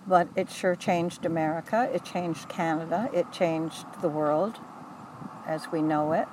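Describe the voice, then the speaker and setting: An older woman recounting memories in an earnest, halting way, often correcting herself mid-sentence. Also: low-pitched, fairly even intonation, far from the mic, background noise. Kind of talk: oral history recollection.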